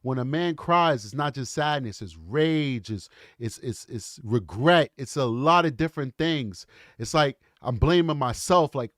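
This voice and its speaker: A man's voice: medium pitch, a little slow, no echo, clean studio sound. A man hosting a live true crime stream, reacting bluntly and casually, often calling the audience bro and man. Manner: animated, blunt, calls listeners bro and man.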